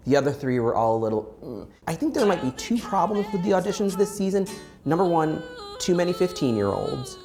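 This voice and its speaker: Hoarse American woman, low and lively voice, wry co-host. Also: soft background music. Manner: wry and dramatic, given to quick jokes. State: hoarse from a chest infection. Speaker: co-host of recap show. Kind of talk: casual critique chat.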